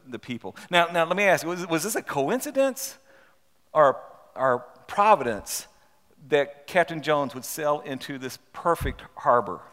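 A man preaching a storytelling sermon, halting and repeating words as he asks rhetorical questions and reads aloud from a book. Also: a little high, a bit bright. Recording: long hall reverb.

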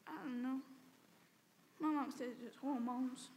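A teenage girl giving an emotional personal testimony, halting and tearful, with many "like"s and "um"s. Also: sits high, steady tone, darkish tone. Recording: long reverb, faint background noise.

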